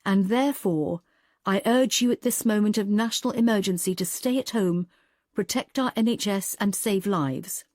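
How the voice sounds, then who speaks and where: A grave leader addresses the nation in formal, measured phrases, as read by a woman narrator. The voice is mellow and warm, recorded close and dry with no room sound. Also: high-pitched, dry recording. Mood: solemn. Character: British male national leader giving grave broadcast.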